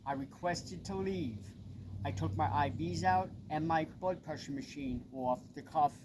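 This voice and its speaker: A man's voice: on the high side, a little slow. A middle-aged man with a Long Island accent, making an urgent, insistent personal appeal straight to camera. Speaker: person making a public complaint. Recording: noisy with vehicle sounds behind.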